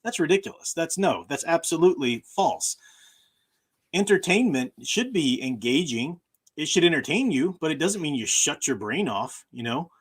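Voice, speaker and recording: A man's voice: on the high side, very animated, normal speed, slightly rough. A man, a university professor hosting his own channel, talking in a casual livestream chat, emphatic and often laughing at his own remarks.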